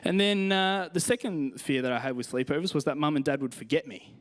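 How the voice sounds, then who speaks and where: A young man with an Australian accent and a slightly high voice preaches briskly on a church stage. His sermon is chatty and self-deprecating, mixing personal anecdotes with scripture readings.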